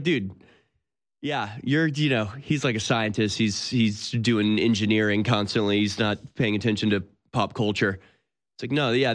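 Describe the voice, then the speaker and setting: Sardonic man hosting a talk show. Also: mid-range voice. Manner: sardonic, incredulous, frequent laughs. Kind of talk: casual monologue.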